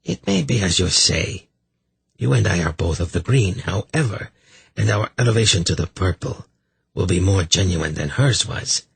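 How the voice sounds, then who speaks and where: A man voicing a sly, scheming male priest in an audiobook, with a gravelly, husky voice. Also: sits low, expressive, normal speed, no room sound, heavily acted.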